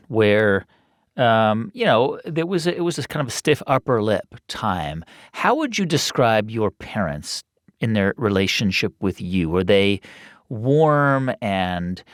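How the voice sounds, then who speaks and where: A man's voice: fairly low pitch, a little slow, no room sound, clean studio sound. A man hosting an interview podcast, reading a polished scripted intro and then asking questions. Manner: animated, polished delivery. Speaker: podcast host.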